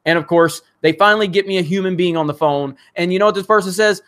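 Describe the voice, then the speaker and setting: A man with a slightly high voice hosts a casual live stream, reading viewer comments aloud. He talks in a rambling, frustrated way, full of restarts and fillers, and swears when he gets worked up. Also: fast, few pauses, fairly bright tone.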